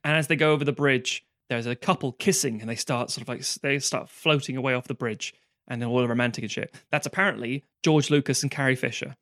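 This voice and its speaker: A man's voice: mid-range voice, steady tone, fast talker, a bit bright, no room sound, studio quality. A man co-hosting a casual film podcast chat, rambling and swearing freely as he talks. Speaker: podcast co-host. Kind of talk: casual chat about films.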